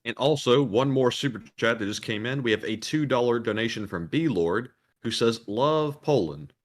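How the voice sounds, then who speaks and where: A man co-hosting a live stream, reading out viewer donations and questions in a plain, steady way. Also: mid-range voice, normal speed. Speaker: co-host reading super chats.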